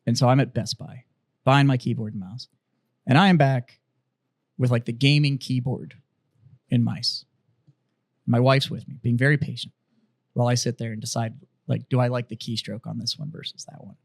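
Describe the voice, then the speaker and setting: A man's voice: mid-range voice, steady tone, moderate pace, pauses often. A man co-hosting a podcast, telling profane, rambling stories in casual chat. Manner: profane, storytelling banter. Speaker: podcast co-host.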